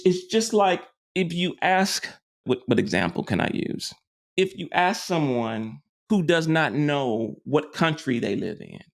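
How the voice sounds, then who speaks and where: Gravelly man giving a spiritual talk. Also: medium pitch. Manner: rambling, repeats "you see", restarts often. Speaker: metaphysics teacher. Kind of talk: informal spiritual lecture.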